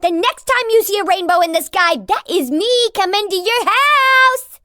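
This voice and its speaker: A gleeful taunting rainbow boss from a cartoonish video game. The voice is extremely high and piercingly bright, and it bounces up and down as it sneers in a sing-song way at the player. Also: animated, moderate pace, no echo, clean studio sound, full character voice. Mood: gloating.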